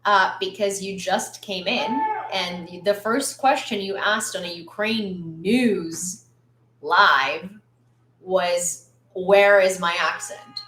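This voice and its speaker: A woman's voice: on the low side, slow pace, a bit bright. A woman hosting a casual news livestream from a room at home, chatty with lots of fillers and blunt when she lectures. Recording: roomy echo.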